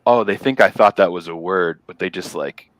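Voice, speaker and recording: A man from the American South with a very low, smooth and resonant voice, chatting casually. He stops and restarts his sentences. The sound is dry and close. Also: brisk, no room sound. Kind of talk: casual chat.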